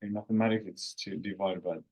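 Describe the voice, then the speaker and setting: A man, teaching a casual language lesson with slow, halting explanations. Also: deep voice, fairly even intonation, darkish tone, poor audio.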